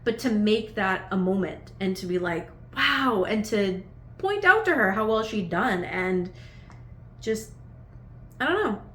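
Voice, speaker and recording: A woman's voice: mid-range voice, very animated, a little slow, bright, forceful tone. Chatty woman in an echoey room. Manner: chatty, meandering, full of "like" fillers. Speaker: vlogger. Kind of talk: casual reflective storytelling to camera. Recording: echoey room with faint ambience.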